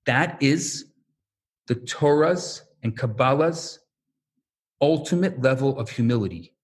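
A man teaching a religious lesson in an animated, storytelling way, acting out voices and asking rhetorical questions. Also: mid-range voice, slow pace. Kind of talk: animated sermon-style lesson.

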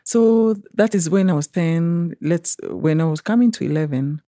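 A woman's voice: lowish voice, moderate pace, dark tone, dry recording, studio quality. A woman with a Kenyan accent tells her personal story in an interview, earnestly and with frequent restarts, acting out what others said to her. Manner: earnest, retells events by acting out quoted speech.

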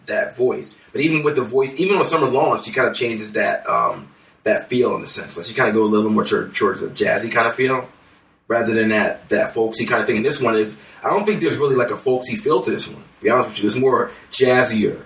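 A man's voice: medium pitch, fast talker, fairly bright tone, roomy sound, recorded from a distance. A man talks through songs in a loose, rambling way, his words full of fillers and restarts. He sits a little back from the mic, and the room around him rings. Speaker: podcast co-host. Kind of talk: casual music chat.

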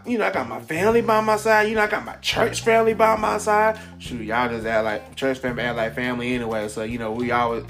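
A man hosting a casual, upbeat motivational talk, rambling excitedly with lots of fillers. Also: high voice. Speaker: podcast host. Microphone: camera mic.

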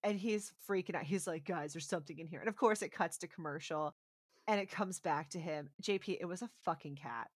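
A woman co-hosting a podcast, casually recapping a TV episode as a lively storyteller who acts out the quotes. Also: lowish voice, a little fast, no echo, studio quality. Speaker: podcast co-host.

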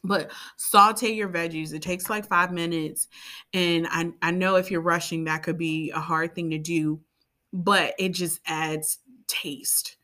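A woman's voice: fairly low pitch, little pitch movement, a little slow, fairly bright tone. A woman co-hosting a podcast in a casual, chatty way, rambling into side tangents and playful asides. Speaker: podcast co-host. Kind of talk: casual chat.

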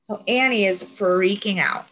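A young woman co-hosting a podcast, retelling a TV episode in casual, animated chat with plenty of swearing. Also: medium pitch, unhurried, rough recording. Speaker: podcast co-host.

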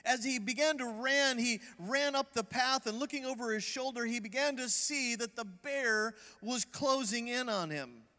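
High-voiced preaching man in an echoing hall. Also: moderate pace, hardly any pauses. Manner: lively preaching, asks the crowd to respond. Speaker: visiting evangelist. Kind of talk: sermon. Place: church.

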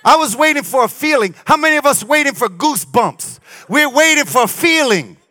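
High-pitched preacher man, bright and lively. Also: a little fast. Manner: preaching with shouted peaks and mocking asides. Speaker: pastor. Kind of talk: sermon.

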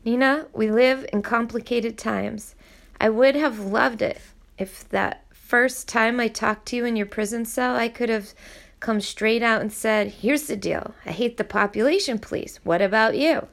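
Brief: a woman doing a calm, blunt, world-weary man, level and measured, gravelly. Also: on the high side.

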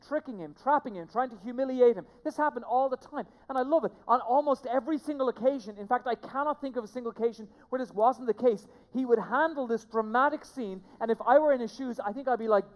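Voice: medium pitch, muffled recording. Emphatic preacher in a reverberant hall. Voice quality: emphatic, repeats key phrases, swings between hushed and loud. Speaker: pastor. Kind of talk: sermon. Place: church sanctuary. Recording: long reverb of a large hall.

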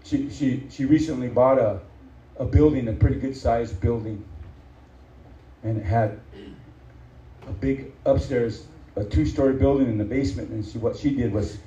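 A male preacher telling a story in a sermon, chatting along, acting out the quotes and building to shouted points. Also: mid-range voice, normal speed. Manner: conversational, acts out quotes, builds to shouted emphasis. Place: church hall. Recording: echoey hall from far off, dull.

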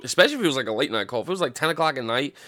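A man in his thirties hosting a podcast, ranting casually and profanely, rambling with restarts and animated outbursts. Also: mid-range voice, rapid-fire. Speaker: podcast host.

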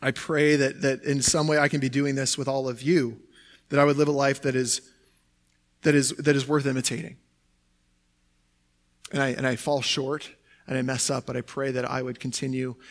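A man's voice: mid-range voice, flat delivery, a little fast. A young adult man who is a pastor, preaching a sermon in a conversational way, often saying "like" and "right?".

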